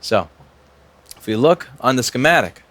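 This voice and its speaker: Brief: repair technician streaming at his bench, wry and profane, animated pitch. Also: normal speed. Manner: profane, wry, talks to himself and the board. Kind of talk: live repair stream, explaining as he works.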